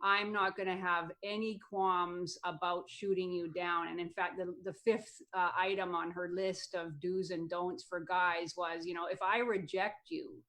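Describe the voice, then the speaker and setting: A woman's voice: fairly low pitch, little pitch movement, a little slow, few pauses, fairly bright tone. A woman co-hosting a podcast in casual discussion, chatty and often laughing as she talks. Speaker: podcast co-host.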